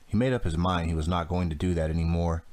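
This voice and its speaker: Audiobook narrator, man, very low voice, steady measured delivery. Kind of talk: scripted narration.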